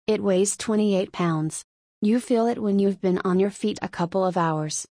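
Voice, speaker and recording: A woman's voice: medium pitch, dark tone, no echo, close to an everyday voice. Woman reading as a weary, fussy man. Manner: tired and yawning, then briskly cheerful. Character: weary, fussy middle-aged man, gadget maker.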